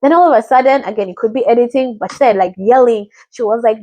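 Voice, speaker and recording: A woman's voice: a little high, fast talker, mellow, no echo. A woman from Africa in a rambling, chatty review of a reality show, often mimicking what others said. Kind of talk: casual chat.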